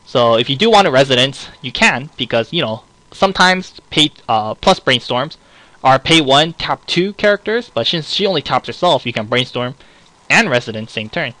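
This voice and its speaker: Bright-voiced man rambling about card previews. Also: mid-range voice, lively intonation, normal speed, no room sound, low-quality recording. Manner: rambling, second-guesses himself aloud. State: voice getting worn. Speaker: card game reviewer. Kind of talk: casual commentary on card previews.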